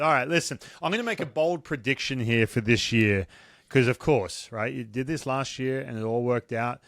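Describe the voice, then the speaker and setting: A middle-aged man from Australia with an Australian accent, hosting a casual sports chat in a joking, animated way. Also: mid-range voice, moderate pace, no echo. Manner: joking, animated, self-deprecating. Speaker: podcast host.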